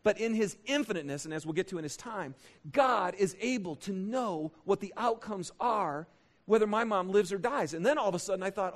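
A middle-aged man preaching a sermon, animated and conversational, asking the congregation questions and swinging from quick excited bursts to slow, soft emphasis. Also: high-pitched. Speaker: pastor.

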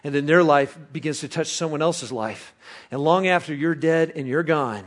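A man preaching a sermon as pastor, telling a story with loud excited bursts that drop to quiet reflection. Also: a little high, moderate pace. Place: church service.

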